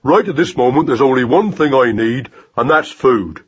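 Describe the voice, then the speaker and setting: A man's voice: mid-range voice, lively intonation, moderate pace, slightly rough. A man voicing an eager, blunt young mouse, on a dull lo-fi recording. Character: young male mouse, newly talkative.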